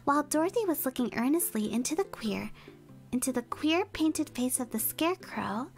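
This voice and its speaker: A woman's voice: high-pitched, expressive, normal speed. A woman streamer reading a storybook aloud in ASMR style, breaking off to giggle and chat playfully with viewers over a close microphone. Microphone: close ASMR mic. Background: soft background music.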